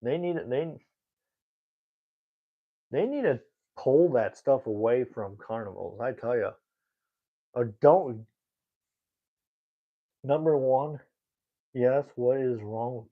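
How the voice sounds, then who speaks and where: Brief: young man, indignant rambling streamer, mid-pitched, tinny lo-fi audio. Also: animated, slow pace, long pauses. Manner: indignant, rambling, talks straight to chat. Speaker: livestreamer reading chat. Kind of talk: casual live chat.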